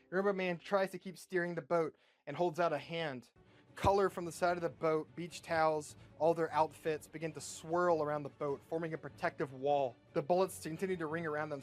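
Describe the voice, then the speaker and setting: A man narrates his own comic script in a casual, offhand way, with the odd swear slipped in. His voice sits slightly high, and he reads the action lines at an easy pace. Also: fairly even intonation, brisk, soft background music. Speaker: YouTube creator. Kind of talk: reading a self-written comic script aloud.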